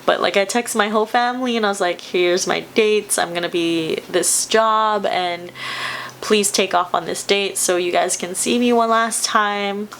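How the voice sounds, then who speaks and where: A woman's voice: mid-range voice, fairly even intonation, moderate pace, creaky, a bit bright, slight background noise. A young woman talking in a personal vlog, emotional and close to tears, laughing often and rambling with many fillers. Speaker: vlogger.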